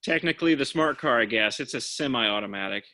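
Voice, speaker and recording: A man's voice: medium pitch, lively intonation, fairly quick, bright, forceful tone, no echo. A man guesting on a podcast, giving short, easygoing answers and laughing often. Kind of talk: casual chat.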